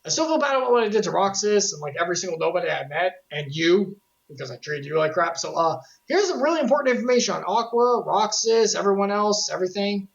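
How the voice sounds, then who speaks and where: A woman's voice: medium pitch, lively intonation, quick pace, vocal fry, hardly any pauses, highs cut off. A woman voicing a remorseful old male scholar from a video game, in an earnest, apologetic and self-deprecating manner.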